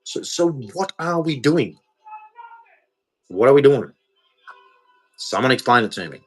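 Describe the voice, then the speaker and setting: A man's voice: medium pitch, sing-song, unhurried, husky, poor audio. A man, ranting in an emotional monologue to camera, repeating himself as he goes. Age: 40s. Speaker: vlogger.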